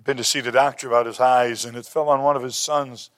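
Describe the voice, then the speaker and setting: A man's voice: medium pitch, fairly even intonation, fast, fairly bright tone. A man preaching a sermon, telling stories and quoting scripture, with emphatic rises in his delivery. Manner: storytelling, rising to emphatic bursts.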